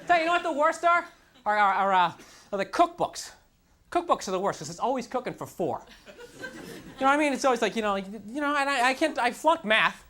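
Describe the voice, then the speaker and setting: A man performing a stand-up comedy routine on a club stage, ranting in an animated, self-deprecating way into a handheld mic. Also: very high voice, fast. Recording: live club recording with audience noise.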